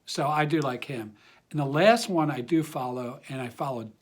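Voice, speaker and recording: A man's voice: mid-range voice, moderate pace. A man hosting a fragrance channel, talking casually to camera in a friendly, rambling way with many fillers and restarts. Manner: friendly and enthusiastic.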